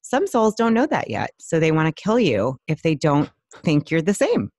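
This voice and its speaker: A woman's voice: low voice, huge pitch swings, normal speed, a little mellow, no room sound, clean studio sound. A woman guest on a podcast, talking with earnest enthusiasm and laughing often. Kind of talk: casual chat.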